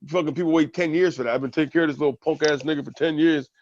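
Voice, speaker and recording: A man's voice: on the high side, steady tone, very fast, dull audio, a little hiss or hum. A man co-hosting a podcast, chatting casually, laughing often and slipping into quoted voices. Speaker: podcast co-host. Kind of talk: casual chat.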